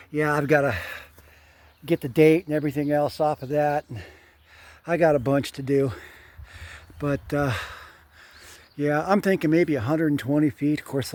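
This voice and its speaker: A man's voice: fairly high pitch, darkish tone, no room sound. An older man narrating his own hands-on work in a casual, plainspoken way, breathing hard as he talks. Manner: plainspoken, thinking aloud while working. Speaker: handyman vlogger. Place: outdoors at a well.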